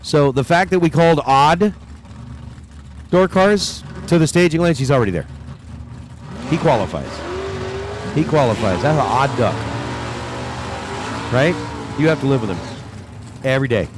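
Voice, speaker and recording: A man's voice: medium pitch, animated, moderate pace, long pauses, background noise. A man calling drag races live at the track, chatting and joking between runs. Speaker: drag race announcer. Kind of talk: live race commentary. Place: outdoors at a racetrack.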